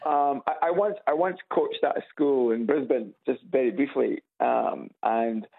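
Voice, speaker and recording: A man from Edinburgh with a Scottish accent, calling in to a radio show and chatting in a halting way with many restarts. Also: medium pitch, vocal fry. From Scotland. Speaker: radio caller. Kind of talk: phone-in chat. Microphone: phone on loudspeaker. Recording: tinny phone line on radio.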